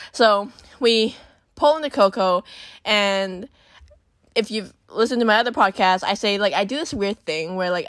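A young woman, telling a dating story on her podcast in a casual, animated, profane way and acting out the voices she quotes. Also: medium pitch, dry recording, studio quality. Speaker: podcast host.

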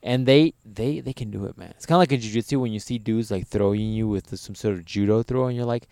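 A man's voice: lowish voice, fast, few pauses, dark tone, no room sound. A man co-hosting a casual podcast, chatting in a laid-back, profane way. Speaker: podcast co-host. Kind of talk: casual chat.

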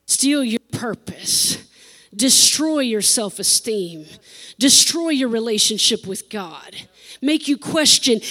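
A woman's voice: on the high side, animated, slow, bright, forceful tone. A woman pastor preaching an emotional sermon, repeating phrases for emphasis and laughing between lines.

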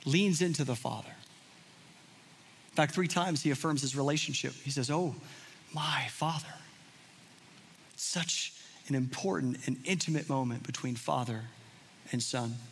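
A man in his thirties preaching a sermon, telling a personal story with earnest feeling and dropping to hushed, intimate tones. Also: mid-range voice, normal speed, gravelly, slight background noise. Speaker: pastor.

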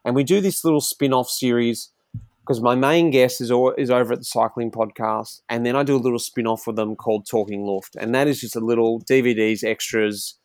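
A man's voice: mid-range voice, steady tone, a little fast, a little mellow, no echo, studio quality. An easygoing man from Australia, chatting plainly as a guest on a podcast. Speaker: professional cyclist, podcast guest. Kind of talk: casual interview chat.

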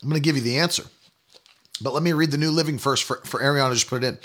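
A man's voice: on the high side, animated, fast, bright, forceful tone. A man in his thirties preaching a sermon, emphatic and repetitive, mocking the doubters he quotes. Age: 30s. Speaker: pastor.

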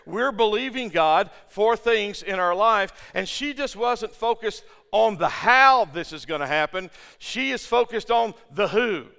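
An older man preaching in a church, his high, bright, smooth voice trailing off into a long hall reverb. He speaks with passion, stumbles into quick restarts and keeps asking the room questions. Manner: impassioned, stammering restarts and rhetorical questions to the congregation. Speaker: pastor. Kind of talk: sermon. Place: church sanctuary.

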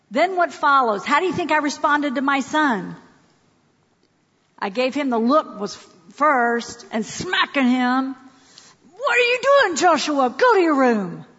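A woman speaking to an audience in an animated, demonstrative way. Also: high voice. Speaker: speaker at a church gathering. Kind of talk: lively talk to an audience. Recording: dull sound with long hall reverb.

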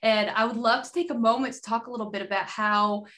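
A woman hosting an interview podcast, with a slightly high-pitched voice. She speaks encouragingly and repeats her praise for emphasis. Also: fairly even intonation, fast talker. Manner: warm praise, emphatic repetition. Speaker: podcast host. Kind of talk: interview conversation.

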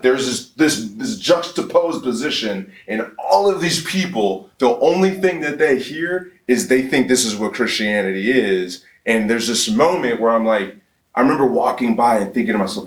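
A man's voice: mid-range voice, moderate pace. A man in his thirties giving a live conference talk. He speaks emphatically, fires off rhetorical questions and often restarts his sentences. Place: conference session room. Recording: roomy, distant from the mic.

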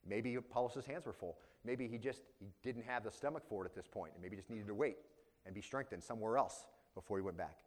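A male pastor preaching a verse-by-verse sermon. He talks conversationally, keeps checking in with the congregation, and swings between loud emphasis and quiet asides. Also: fairly low pitch, quick pace. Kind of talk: expository sermon.

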